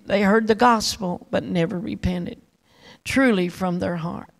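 A woman's voice: medium pitch, unhurried, creaky. A woman evangelist giving a sermon testimony, rambling and dramatic, with many restarts, and speaking straight to a pastor in the audience.

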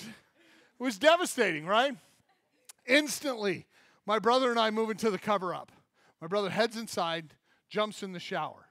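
A man preaching a sermon as pastor, telling a funny story from childhood with lively acted-out quotes. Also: high-pitched, moderate pace, pauses often, no room sound. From Michigan. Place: church.

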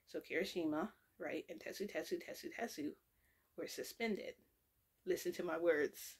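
A woman's voice: on the low side, moderate pace, vocal fry, husky. A woman telling a long story in a casual, rambling way, full of asides and self-corrections. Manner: rambling and chatty, with lots of fillers and self-corrections.

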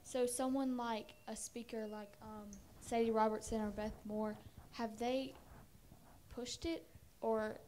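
A woman in the audience puts a hesitant question to the speaker. Her voice is fairly high and comes from off-mic. Faint noise sits behind her. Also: fairly even intonation, takes it slowly, mellow. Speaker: audience member asking a question.

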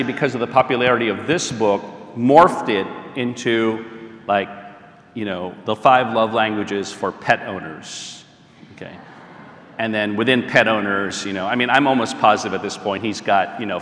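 A man's voice: lowish voice, moderate pace, fairly bright tone. An American man giving an informal talk to a live audience, chatty, with many fillers and frequent "okay?" checks. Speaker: speaker leading a talk on marriage. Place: large hall or church. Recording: echoey hall with long reverb.

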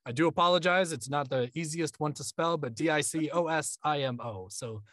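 A man's voice: fairly high pitch, brisk, dry recording, clean studio sound. A man from New York, a podcast co-host and audiobook narrator, joking and swearing in casual chat. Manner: joking, profane, animated.

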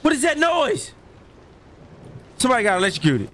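A man's voice: very high voice, very animated, brisk, fairly bright tone, a little hiss or hum. A young man streaming a horror game, jumpy and exclaiming as he talks to his chat. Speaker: gaming streamer. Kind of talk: live horror game commentary.

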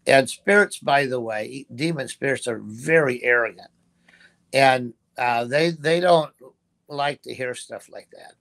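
A pastor appearing as an interview guest tells a story in a mid-range, creaky, somewhat bright voice at a measured pace. He's earnest, quoting his own words directly and restarting as he goes.

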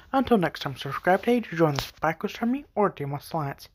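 Rambling young-sounding man, halting lore talk. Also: a little high, expressive, a little hiss or hum. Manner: rambling, hesitant, frequent fillers. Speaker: YouTuber narrating character lore. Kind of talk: casual lore talk over a speedpaint.

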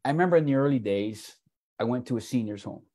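Fast and animated, a medium-pitched, mellow male voice delivers a wellness sales story over a video call. As presenter, he keeps it folksy, repeating "folks" and performing the quotes of the people he describes.

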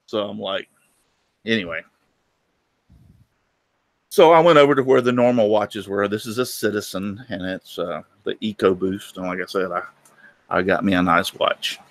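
A man's voice: fairly low pitch, normal speed, pauses often, no echo. A middle-aged man, hosting a casual chat and telling folksy stories. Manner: folksy storyteller, acts out voices in anecdotes. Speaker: host.

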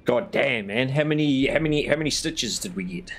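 A man's voice: mid-range voice, animated, a little fast, fairly bright tone, slight background noise. A man with a New Zealand accent streaming a game late at night, chatting casually, teasing his viewers and swearing freely. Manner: laid-back, swears freely, teases his chat.

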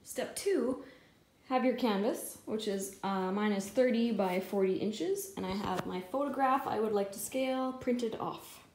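A woman's voice: medium pitch, measured pace, a little mellow, slight background noise. Chatty woman painter in an echoey room. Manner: chatty, jokey, thinks aloud through the math. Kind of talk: casual how-to narration. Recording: echoey room with faint ambience.

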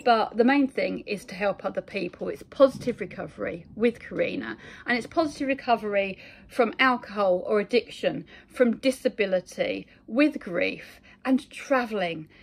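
A woman's voice: medium pitch, moderate pace, gravelly, breathy edge. Woman from England, middle-aged, chatty phone vlog, rambling with fillers. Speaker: vlogger. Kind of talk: casual monologue to camera.

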